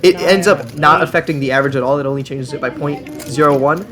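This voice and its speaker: A man's voice: on the high side, quick pace, crowd noise. A young man giving casual voice-over commentary, chatty and self-deprecating, often laughing at himself. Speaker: vlogger.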